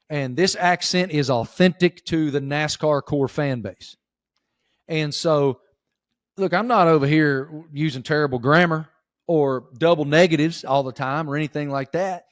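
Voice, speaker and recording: A middle-aged man speaks with a thick Appalachian Southern accent, his voice sitting a little high for a man. He tells stories in a folksy, animated way with emphatic bursts. The sound is dry and close. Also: no echo. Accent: Southern US, Appalachian Virginia. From Appalachian Virginia. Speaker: sports reporter guest. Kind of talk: casual podcast interview.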